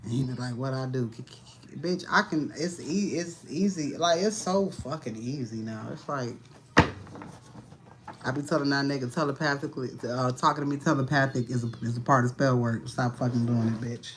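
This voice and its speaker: A woman's voice: rumbling low, normal speed, very noisy. A woman giving a casual livestream tarot reading, talking in a blunt, profane, slangy way and sounding tired and annoyed. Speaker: tarot reader.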